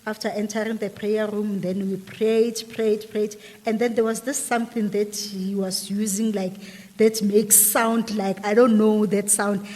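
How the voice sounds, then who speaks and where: A woman recounts a personal story in a loose, rambling way, stringing events together one after another. Her voice is mellow and warm. A long reverb trails after her words. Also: mid-range voice, level tone, unhurried. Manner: rambling, chains events with repeated "and then" and "whatsoever".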